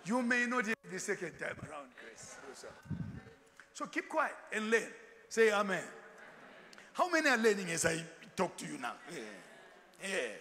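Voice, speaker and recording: A man preaches with a high, lively voice that swings widely in pitch. His tone is bright and forceful. The long echo of a large church hall trails behind his words. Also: a little slow, soft background music. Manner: animated, switching into Ndebele asides and acted quotes. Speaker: pastor. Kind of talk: sermon.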